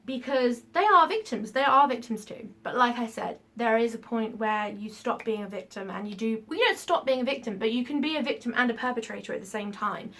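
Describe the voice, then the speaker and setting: Bright-voiced woman ranting. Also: a little high, fairly quick, hardly any pauses. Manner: frank, emphatic, ranting, swears when heated. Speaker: YouTuber. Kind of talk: casual vlog rant.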